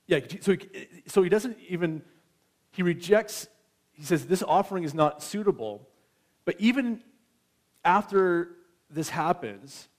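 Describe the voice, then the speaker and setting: A man in his thirties preaching a sermon in a conversational way, often checking in with his listeners. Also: high-pitched. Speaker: pastor.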